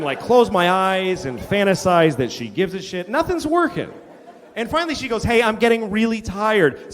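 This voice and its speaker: A man doing crude, exasperated stand-up, his pitch lifting high and swooping around as he rants. He is recorded live in a large, reverberant hall, with a laughing crowd and steady noise behind him. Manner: crude, exasperated storytelling with swings into loud rants. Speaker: stand-up comedian. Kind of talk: stand-up comedy routine. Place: comedy stage before a live audience.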